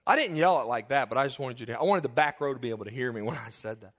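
A man's voice: medium pitch, animated, very fast, fairly bright tone. A male pastor preaching a sermon in church, telling confessional, humorous stories to his congregation.

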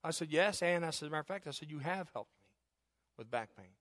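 A middle-aged male pastor preaching a sermon in a conversational way, with joking asides and loud, emphatic stretches. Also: a little high, expressive, fast.

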